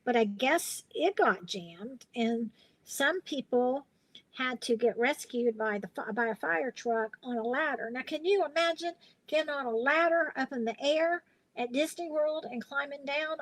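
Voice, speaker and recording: Middle-aged woman, chatty live-stream craft host, slightly high pitch, loose storytelling. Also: fairly bright tone, dry recording, poor audio. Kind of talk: casual live-stream chat.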